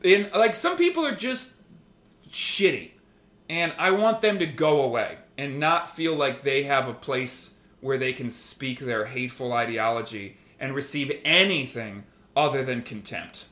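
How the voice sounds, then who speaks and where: Animated, bright-voiced man arguing. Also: medium pitch, a little slow, reverberant. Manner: animated, mocking impressions of online trolls. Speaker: podcast co-host. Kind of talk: heated casual debate.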